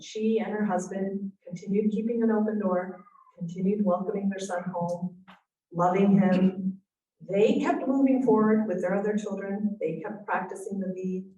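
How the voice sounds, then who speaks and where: A woman's voice: medium pitch, mellow, dull audio. A woman giving an earnest, reflective talk to a parenting audience, telling stories to make her points. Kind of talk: inspirational talk. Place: event room. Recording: echoey room, voice from a distance.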